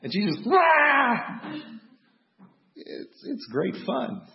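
A man preaching a sermon, telling the story with animation and acting out startled shouts. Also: on the high side, very animated, a little slow, highs cut off, slight background noise. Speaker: pastor.

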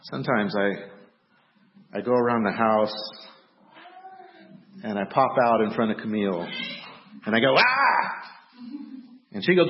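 A man preaching a sermon, telling the story with animation and acting out startled shouts. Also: medium pitch, dull audio, slight background noise. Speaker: pastor.

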